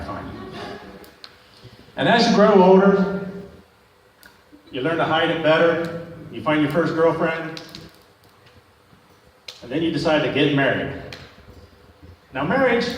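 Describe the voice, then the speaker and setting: A male stand-up comedian telling crude, self-mocking stories to a small club audience. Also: a little high. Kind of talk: stand-up set. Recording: echoey room, distant mic, faint noise.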